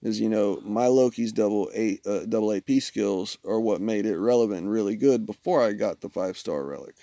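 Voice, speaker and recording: Gravelly male streamer, dry close sound, loose rambling game talk. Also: lowish voice, brisk, dark tone, no echo. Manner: rambling, jokey, talks to chat and friends. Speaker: live streamer. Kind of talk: casual gameplay commentary.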